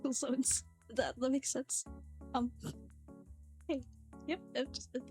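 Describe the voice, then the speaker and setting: A woman's voice: high voice, fairly even intonation, slow pace, a little mellow. A woman streamer chatting casually, rambling and playful, laughing often. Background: faint cafe music.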